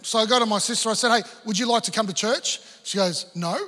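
Animated Australian preacher man, high bright voice. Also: quick pace, long reverb tail. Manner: animated storytelling preacher, acting out dialogue. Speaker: pastor. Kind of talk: sermon with personal story.

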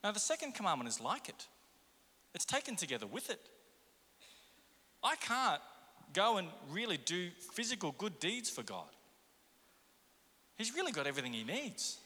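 A man preaching with a high, very bright and cutting voice. He presses the congregation with question after question. The sound carries a long reverb from the church around him. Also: wildly swooping pitch, moderate pace, long pauses. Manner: impassioned, rhetorical questions to the congregation. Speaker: pastor. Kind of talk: sermon.

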